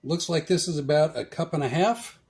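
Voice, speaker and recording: A man's voice: fairly high pitch, expressive, a little fast, a little mellow. Jokey man hosting a cooking show. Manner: jokey, talks through each step. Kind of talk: casual cooking demonstration. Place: home kitchen.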